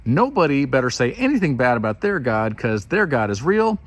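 A man voicing a boastful, petulant ancient king in casual modern slang, his voice jumping high when he gets annoyed. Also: sing-song, moderate pace. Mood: urgent.

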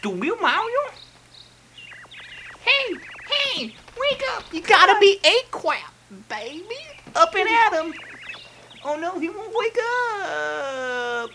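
A man's voice: very high-pitched, very animated, slow pace, background noise, exaggerated voice. A man voicing a flustered old male goomba, talking in a fretful, exclaiming way. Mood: worried.

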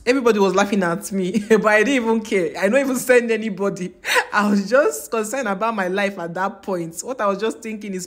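A woman's voice: mid-range voice, lively intonation, brisk. A woman, retelling her experience in a casual vlog with dramatic, emphatic repetition. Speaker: travel vlogger.

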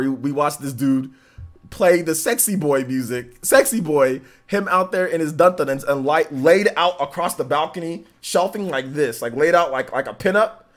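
A man in his thirties rambles through a slangy story on his livestream. His pitch leaps up and down as he gets into it, swinging from loud excitement to low, quiet asides. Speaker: streamer host. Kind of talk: casual livestream chat.

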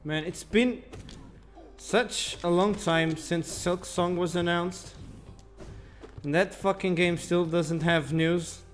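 A man's voice: high voice, steady tone, slow, faint music behind. A young man giving casual commentary while playing a game, grumbling, swearing and mocking himself. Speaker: gaming channel host.

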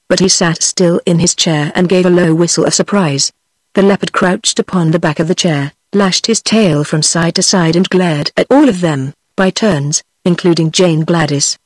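Computer british lady voice reading a kids fairy tale, flat and steady, totally dry sound. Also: fairly low pitch, breathy edge, dry recording. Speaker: narrator. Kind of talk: text-to-speech audiobook narration.

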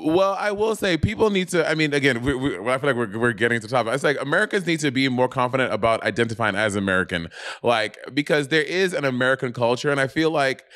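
A man co-hosting a casual podcast chat, laughing often and telling stories in an animated way. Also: mid-range voice, fast. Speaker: podcast co-host.

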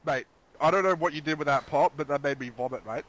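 A man's voice: fairly high pitch, fast talker, fairly bright tone, poor audio. A man with an Australian accent bantering bluntly in in-game voice chat. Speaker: game player.

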